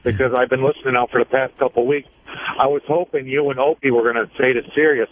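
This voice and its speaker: A man's voice: medium pitch, steady tone, quick pace. A man calling a radio show who sounds upset as he complains. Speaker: caller. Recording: phone line with faint noise.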